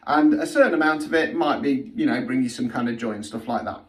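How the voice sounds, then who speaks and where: A man's voice: mid-range voice, quick pace. Guy ranting bluntly, swears a lot, keeps saying okay, sounds a bit far from the mic in a roomy space. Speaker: spiritual healing vlogger. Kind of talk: blunt direct-to-camera monologue.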